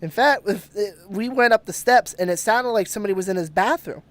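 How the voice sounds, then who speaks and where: A man's voice: sits high, fairly quick, a bit bright, dry recording. A man hosting a podcast and telling a ghost story in casual chat, swearing a lot and restarting sentences. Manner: swearing, rambling with restarts and laughs. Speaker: podcast host.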